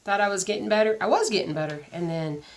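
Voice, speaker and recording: A woman's voice: medium pitch, fast. A woman with a sore throat and a weak voice, chatting casually and rambling with lots of fillers as a craft vlogger. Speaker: cross stitch vlogger. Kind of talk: casual chat.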